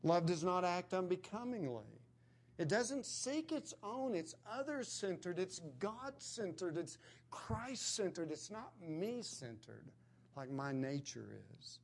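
A man's voice: high-pitched, very animated, measured pace. A man delivering a sermon in a slightly raised register. He preaches earnestly, leaning hard on key phrases with emphatic stresses.

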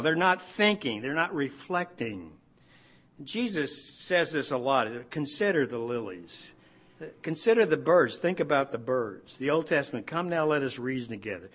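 A man's voice: fairly high pitch, a bit bright, husky. A man preaching a conversational sermon on a Bible passage. He asks rhetorical questions and laughs now and then. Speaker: pastor.

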